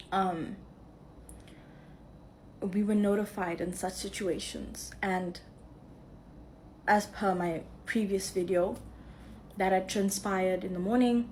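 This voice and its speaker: A South African woman gives an earnest, measured update in a vlog. Her voice sits at a middle pitch, with faint background noise. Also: a little mellow, poor audio.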